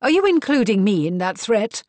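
A woman's voice: medium pitch, big pitch swings, normal speed, darkish tone, dry recording, voice pushed up, natural voice. Woman doing an imperious old aunt. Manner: imperious, cutting. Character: imperious elderly aunt, sharp-tongued.

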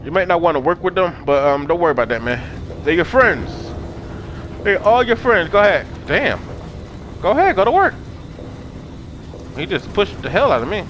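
Young male gaming host, loose casual commentary, excitable and swearing, voice a touch high. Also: normal speed, long pauses, slight background noise. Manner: excitable, yells and swears when startled. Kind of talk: casual let's play commentary.

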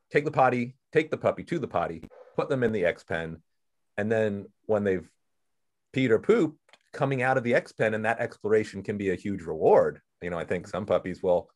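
A man's voice: fairly low pitch, animated, brisk. A man training a puppy, talking in a thoughtful way with filler words. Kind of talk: casual discussion.

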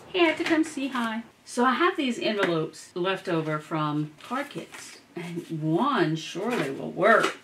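A woman, chatting through a craft demo at her home desk and often dropping into half-whispered asides as she works. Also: medium pitch. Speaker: crafting vlogger. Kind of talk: casual craft demo talk. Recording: noisy home recording.

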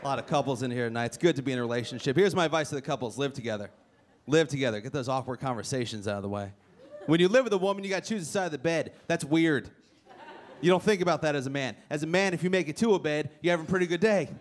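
Brash young stand-up comic, raised voice. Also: male voice, fairly high pitch, very fast. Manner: brash, teasing the crowd, punchy timing. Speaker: stand-up comedian. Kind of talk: stand-up comedy set. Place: comedy club stage before a live crowd. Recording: live club recording with audience noise.

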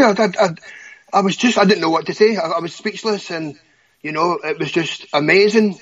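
A Scottish man in his fifties, a guest giving emotional personal testimony, halting and often repeating words. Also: high voice, breathy edge. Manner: halting, repeats words, stammers when upset. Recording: dull lo-fi audio.

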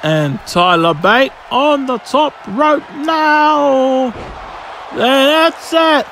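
A man calling a wrestling video game match as play-by-play commentary, shouting excitedly at the big moves. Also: extremely high pitch, very slow, some chatter behind, a little hiss or hum.

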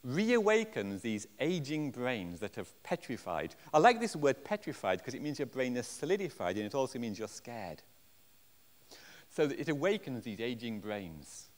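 A man with an English accent speaks at a conference, his delivery animated and full of self-deprecating jokes. His voice sits a little high and swings widely in pitch. The sound carries a long reverb from the hall around him. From England. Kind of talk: conference presentation.

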